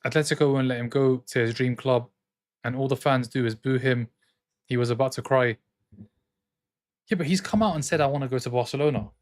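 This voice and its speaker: A man hosting a live football watchalong, reacting to the match and arguing with his chat in an excitable way. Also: mid-range voice, normal speed, long pauses. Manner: excitable, jumps between commentary and arguing with chat.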